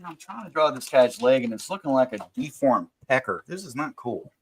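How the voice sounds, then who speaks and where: A man's voice: mid-range voice, fairly quick, slight background noise. A man in his forties from Maryland, chatting and joking on a drawing stream. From Southern Maryland. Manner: joking, rambling, animated storyteller. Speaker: host. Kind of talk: casual chat on a drawing stream.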